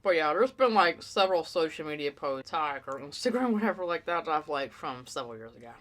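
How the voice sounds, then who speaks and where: A woman's voice: low voice, lively intonation, fast, fairly bright tone. A woman hosting an eating show, chatting casually and rambling with lots of fillers. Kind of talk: casual chat while eating.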